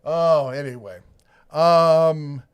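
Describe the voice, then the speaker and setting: A middle-aged man hosts a relaxed home livestream with his wife, spinning family anecdotes and reading out viewer comments. His voice sits a bit high for a man. He chuckles easily as he talks. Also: extremely slow, smooth. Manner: storytelling, chuckles often. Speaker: livestream co-host.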